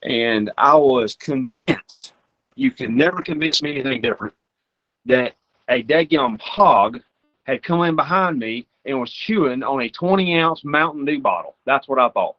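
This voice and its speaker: A young man from Georgia, talking as a podcast guest. He tells hunting stories with energy and acts out the sounds he describes. His voice sits at an ordinary middle pitch. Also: normal speed, dull audio. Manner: animated, imitates deer sounds and calls. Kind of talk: storytelling hunting advice.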